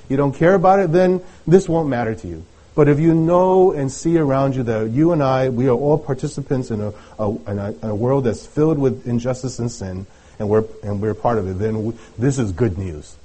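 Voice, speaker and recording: Husky-voiced middle-aged male preacher. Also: medium pitch, mellow. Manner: conversational, halting with many restarts and light laughs. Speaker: pastor. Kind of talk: sermon.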